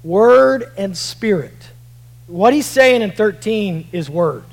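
A man with a high voice preaches a sermon. He swings between loud, shouted emphasis and quiet, low passages as he reads verses aloud. He often stumbles over repeated words and restarts his phrases. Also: animated, slow, vocal fry, rough recording. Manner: repeats words and restarts while reading scripture. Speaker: pastor.

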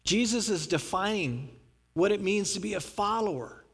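A man's voice: high voice, lively intonation, normal speed, creaky, fairly bright tone, husky, in a large hall. A male pastor preaching a sermon, dramatically acting out the scripture he quotes.

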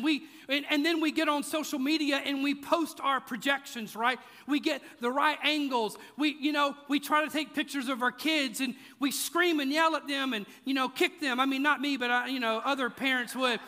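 A man's voice: very high voice, normal speed, few pauses, pushed and bright. A man preaching a sermon in a casual, joking way, driving points home with repetition. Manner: conversational, joking, emphatic repetition. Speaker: pastor. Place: church auditorium. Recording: echoey church hall.

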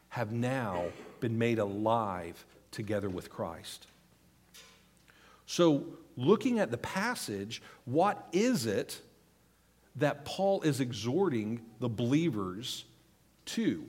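A man's voice: medium pitch, darkish tone, husky. A man in his thirties preaching a sermon to a congregation, teaching earnestly, pleading for emphasis and putting questions to the room. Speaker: pastor.

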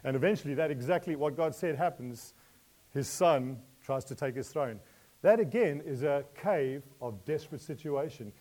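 A man preaching a sermon. He asks his listeners questions, laughs lightly between points, and moves from quiet asides to loud emotional pleas. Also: fairly high pitch, animated, normal speed.

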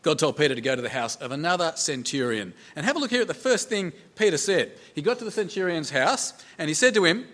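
Man, preacher, sermon, conversational, repeats phrases, rhetorical questions, slightly high-pitched. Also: very animated, quick pace, hardly any pauses, a bit bright.

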